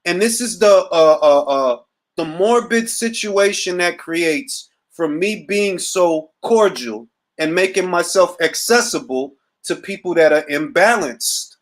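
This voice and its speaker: A middle-aged host of a boxing talk show livestreams from his seat at home, swearing freely as he rants and riffs in an animated, casual way. He has a high voice and keeps a measured pace.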